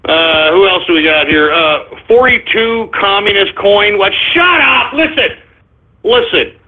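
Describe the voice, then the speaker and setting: Male radio host, high voice, caustic ranting delivery, phone-quality audio. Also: expressive, unhurried. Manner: abrasive, insulting, sarcastic. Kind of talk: live internet radio shout-outs and rant. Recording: tinny phone-like sound.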